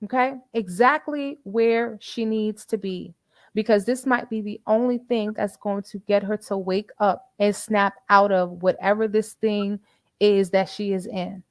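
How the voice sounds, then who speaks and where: A woman's voice: mid-range voice, steady tone, a little slow, no room sound. A woman hosting a casual livestream, chatty and preachy, quoting scripture and repeating phrases with many fillers. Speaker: livestream commentary host.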